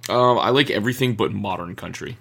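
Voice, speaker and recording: A man with a husky voice co-hosting a podcast, making sarcastic wisecracks in casual chat. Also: on the low side, fairly quick, fairly bright tone. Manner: sarcastic wisecracks, laughs a lot. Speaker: podcast co-host.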